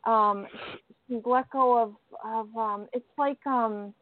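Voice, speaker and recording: A woman working as a psychic medium on a call-in radio show, relaying messages in a halting way with many repeated words, speaking from a small closet. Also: a little high, steady tone, no echo. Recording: thin phone line, dry.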